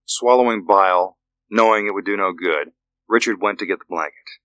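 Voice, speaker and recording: A man narrating a thriller audiobook in a measured, steady way. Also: low-pitched, no room sound.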